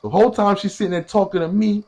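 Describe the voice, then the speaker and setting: A young man telling a story casually, animated and profane, acting out what other people said. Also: high voice, fast, slight background noise.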